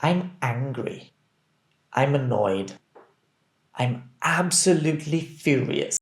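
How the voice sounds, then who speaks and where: A male English teacher works through a scripted drill, stretching every phrase out at a very slow, careful pace. His voice sits at an ordinary middle pitch. The room adds a noticeable echo around him. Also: animated. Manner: deliberate, carefully enunciated phrases for learners to repeat. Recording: roomy echo.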